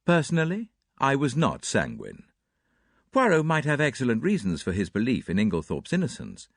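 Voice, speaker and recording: A man reading a mystery novel aloud as an audiobook narrator, with an expressive, dramatic delivery. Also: on the low side, vocal fry, breathy edge, no echo, clean studio sound. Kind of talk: scripted narration.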